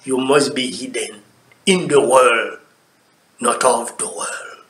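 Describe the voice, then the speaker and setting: A man preaching a sermon as pastor, emphatic, swinging between loud declarations and hushed words. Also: medium pitch, slow pace, roomy sound.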